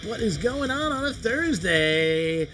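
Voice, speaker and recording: A man's voice: high voice, very animated, slow pace, over music. A man hosting a radio show, teasing his co-hosts in playful banter, often repeating words as he talks. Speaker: radio host. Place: radio studio.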